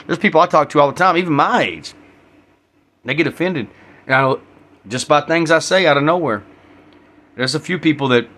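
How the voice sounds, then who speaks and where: A man's voice: medium pitch, gravelly, a bit bright. A man hosting a solo podcast, ranting bluntly with heavy profanity in a preachy tone. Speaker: podcast host.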